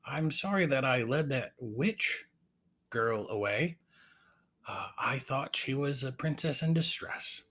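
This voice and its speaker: A man's voice: mid-range voice, lively intonation, slow, bright, forceful tone, heavily acted. Edward, a man doing a talkative raven. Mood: earnest. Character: proud, talkative male raven hero.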